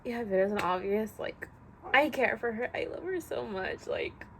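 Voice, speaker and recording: A young woman talking to camera in a personal vlog, halting and full of fillers, close to tears. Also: fairly high pitch, animated, fairly bright tone. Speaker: vlogger. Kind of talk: emotional personal vlog talk. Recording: faint background noise.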